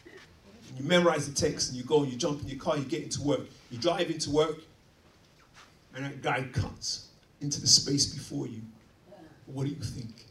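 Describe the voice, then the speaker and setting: A man's voice: mid-range voice, moderate pace, pauses often, far from the mic. Man preaching in a roomy hall. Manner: dynamic delivery swinging from quiet to loud emphatic. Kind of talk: sermon. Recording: roomy, from off-mic.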